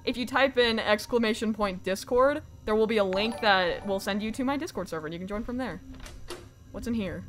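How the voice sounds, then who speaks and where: A young woman streaming a horror game live, reacting with excitement, swearing, and thanking her viewers. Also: mid-range voice, fairly quick. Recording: music playing faintly behind. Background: faint game music.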